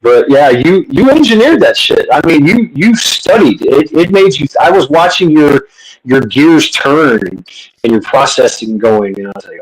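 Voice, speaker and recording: Animated swearing male stream host. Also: normal speed, slightly rough, low-quality recording. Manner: animated, profane, swings pitch up when quoting himself. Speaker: livestream host. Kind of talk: casual chat.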